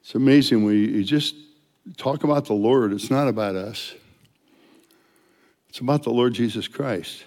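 An older man, a street evangelist, telling testimony stories in an animated way and loudly acting out the dialogue. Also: mid-range voice, moderate pace, long pauses, big-room sound. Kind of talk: storytelling testimony.

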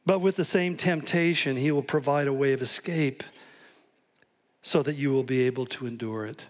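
A man's voice: medium pitch, moderate pace. A man preaching a sermon, telling stories and acting out quoted voices with animation. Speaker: pastor.

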